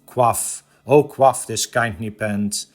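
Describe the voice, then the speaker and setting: A male lecturer whose voice sits in an ordinary middle range. He recites verse with slow, measured drama, then shifts into a clear, teacherly explanation. His delivery stays deliberate and composed throughout. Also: medium pitch, soft background music. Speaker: art lecturer.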